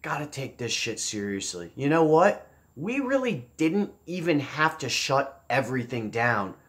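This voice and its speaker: Male commentator, mid-pitched, blunt sarcastic rant with swearing and repeated lines. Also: very animated, unhurried, a bit bright. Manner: blunt, profane, sarcastic ranting; repeats phrases for emphasis. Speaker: political commentator. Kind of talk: casual commentary vlog.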